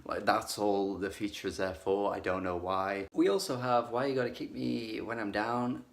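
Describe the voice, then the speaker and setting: A man with a somewhat low voice talks through an album review in a loose, casual way. He is blunt and critical, and he leans on fillers like "like" and "um" as he goes. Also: fairly even intonation, moderate pace, creaky. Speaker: music reviewer.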